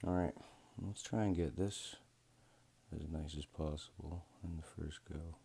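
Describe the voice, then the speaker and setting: A man's voice: rumbling low, fairly even intonation, a little slow, vocal fry, dark tone, husky. A man hosting a watch modding video, chatting casually and rambling to himself as he works. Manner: rambling, talks to himself, self-deprecating. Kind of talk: casual narration while working.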